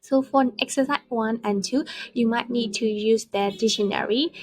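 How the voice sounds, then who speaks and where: A woman teaching vocabulary over slides, explaining step by step and repeating words slowly to show their stress. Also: a little high, slight background noise. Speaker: English teacher.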